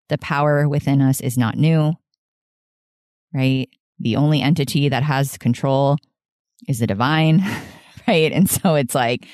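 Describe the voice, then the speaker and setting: A woman's voice: a bass voice, a little mellow, no room sound, studio quality. A woman hosting a solo podcast, talking in an earnest, rambling way, often laughing and saying "like". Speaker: podcast host.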